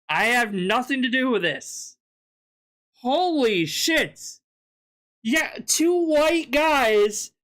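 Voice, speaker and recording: A woman giving an indignant, profane reaction commentary, her throat sore from yelling. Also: high-pitched. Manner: profane, indignant, laughing ranting.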